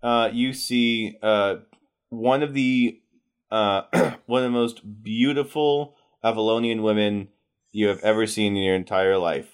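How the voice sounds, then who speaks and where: Halting male game master. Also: on the low side, fairly even intonation, smooth. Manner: halting, many fillers. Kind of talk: narrating a tabletop game.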